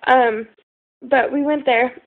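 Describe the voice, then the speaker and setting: A woman's voice: high-pitched, steady tone, slow pace, phone-quality sound. A young woman telling a rambling story in casual talk, full of fillers and the odd swear word, recorded on a phone. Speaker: vlogger.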